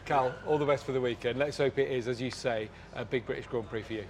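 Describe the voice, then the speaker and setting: Male paddock interviewer, fast questions, noisy outdoor recording. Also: medium pitch, fairly even intonation.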